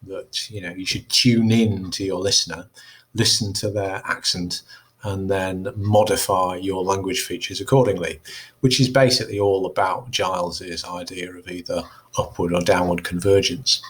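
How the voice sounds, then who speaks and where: A male English teacher talking students through an exam question in a measured, explanatory way with frequent fillers. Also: sits low, steady tone, fairly bright tone. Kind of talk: recorded lesson walkthrough.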